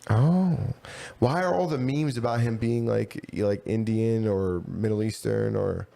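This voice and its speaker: Gravelly young man in slangy chat. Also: fairly low pitch, unhurried. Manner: relaxed, slangy banter, reads chat messages aloud. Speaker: podcast co-host. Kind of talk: casual chat.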